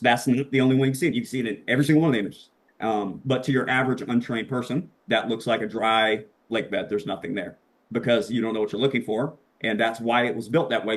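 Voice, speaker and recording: Excitable, profane man telling a story. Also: mid-range voice. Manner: profane and excitable, acts out quoted voices. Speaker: podcast guest. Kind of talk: casual storytelling.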